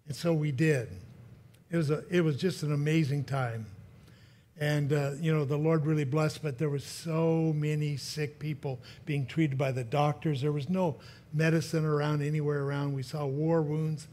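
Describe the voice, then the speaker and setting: A male preacher with a high-pitched voice, delivering a sermon through a personal story. He chuckles at his own jokes and often restarts his sentences as he goes. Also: steady tone, normal speed, warm tone. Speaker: pastor.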